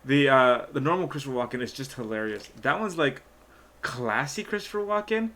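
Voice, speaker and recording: A male host chats on a casual live stream, rambling with plenty of fillers and half-finished thoughts. His voice sits at an ordinary middle pitch for a man. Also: expressive, fairly quick, fairly bright tone. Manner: rambling, trails off, lots of fillers.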